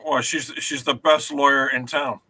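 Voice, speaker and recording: A man calling in with a slow, rambling joke setup. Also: medium pitch, steady tone, pushed and bright, slightly rough, poor audio. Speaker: caller.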